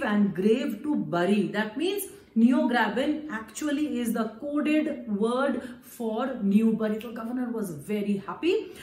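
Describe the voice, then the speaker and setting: A woman's voice: on the high side, a little mellow. A woman with an Indian English accent explaining a story to students as their English teacher, often slipping into Hindi and checking in with "okay". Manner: explanatory, mixing Hindi into English, frequent "okay" and "you know". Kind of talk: classroom lesson explanation. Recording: echoey room.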